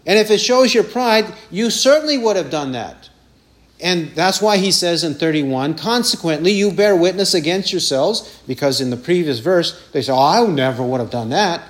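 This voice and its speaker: A man's voice: sits high, expressive, normal speed. A man preaching a sermon with emphasis, repeating phrases and mimicking taunting voices.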